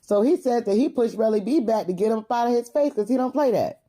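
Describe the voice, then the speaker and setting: A woman recapping a reality show episode in a casual, slangy, animated vlog with frequent laughs. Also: fairly high pitch, fast talker. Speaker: reality TV reviewer.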